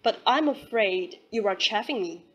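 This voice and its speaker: A woman voicing a courteous, formal young gentleman in an audiobook, speaking with polite restraint. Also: mid-range voice, expressive, moderate pace.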